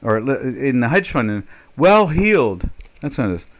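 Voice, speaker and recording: A man's voice: medium pitch, big pitch swings, moderate pace. An older man chatting casually as a trader on a live stream, rambling and joking, with many fillers and restarts. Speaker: trader hosting a live chat.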